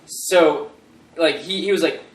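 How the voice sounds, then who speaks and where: A man's voice: a little high, takes it slowly. A young man co-hosting a casual podcast chat, rambling and restarting his sentences often. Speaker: podcast co-host. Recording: echoey room, mic far off.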